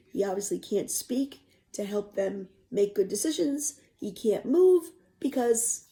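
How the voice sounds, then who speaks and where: Woman reading a book out loud, explains bits as she goes, high-ish mellow voice. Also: gravelly, poor audio. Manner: pauses to explain passages in a softer aside. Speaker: reader explaining a novel.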